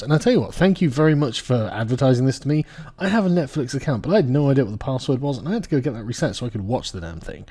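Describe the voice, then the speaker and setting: Male vlogger, medium pitch, crude, mocking, chuckling commentary delivery. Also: animated, brisk, mellow, husky. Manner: profane, sarcastic, laughs often. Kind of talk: casual political commentary reacting to clips and articles.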